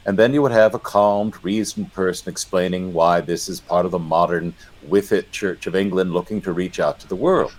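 A middle-aged man giving sardonic, animated commentary in a discussion, often restarting his sentences. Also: low-pitched, moderate pace, few pauses. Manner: animated, sardonic, self-correcting. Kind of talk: opinionated discussion.

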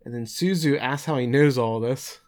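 A man's voice: mid-range voice, normal speed, crowd noise. Chatty man recapping an episode. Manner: chatty, loose, with filler words. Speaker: podcast co-host. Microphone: remote call mic.

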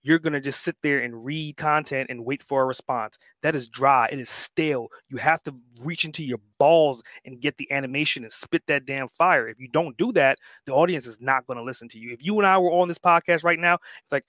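A man's voice: medium pitch, brisk, hardly any pauses, a bit bright, no echo. A man speaking as a podcast guest, emphatic and fired up, swearing freely in casual conversation.

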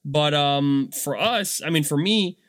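In a slow, fairly high, fairly bright voice, a business-owning father in his thirties talks casually to himself and the listener, peppering his monologue with fillers and rhetorical "right?" The recording is dry and clean, studio-grade.

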